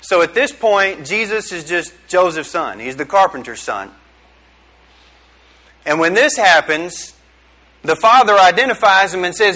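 Bright, joking preacher man. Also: high-pitched, expressive, unhurried, long pauses. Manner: joking, chatty, quizzes the audience. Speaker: youth pastor. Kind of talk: casual youth sermon. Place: small room with a group.

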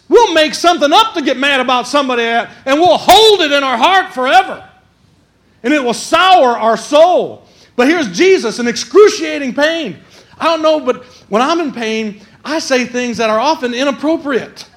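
A man preaching a sermon, swinging between hushed quoted lines and raised, emphatic exhortation. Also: extremely high pitch.

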